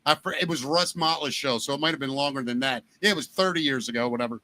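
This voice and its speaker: A man with a Baltimore accent hosting a podcast, telling jokey stories in a lively, animated way. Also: medium pitch, fast. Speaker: podcast host. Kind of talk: casual chat.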